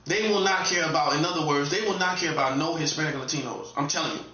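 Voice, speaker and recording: A high-voiced man delivers a casual monologue with a bright, forceful edge. He lectures the listener, repeating himself for emphasis. The recording sounds roomy and a little dull. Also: quick pace, a little hiss or hum. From North Carolina. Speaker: online commentator.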